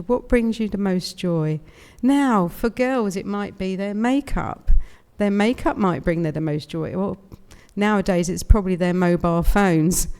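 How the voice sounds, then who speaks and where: A woman's voice: medium pitch, mellow, smooth. A British woman, around fifty, giving a chatty, emotional inspirational talk as a guest speaker, laughing often. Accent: British English. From United Kingdom. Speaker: guest speaker at a spiritualist service. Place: large hall, indoors. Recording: long hall reverb, live room.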